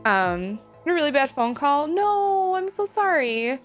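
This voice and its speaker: A woman's voice: high voice, very animated, a little slow. A woman streamer chatting casually with her live chat, giggly and full of "like," reacting to viewer messages. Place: home room with a window. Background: faint game music.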